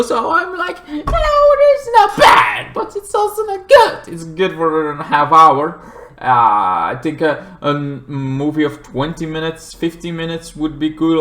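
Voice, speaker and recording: A man giving a casual, rambling movie review, full of fillers and restarts. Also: sharp tone. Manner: rambling, with fillers and squeaky exaggerated quote voices.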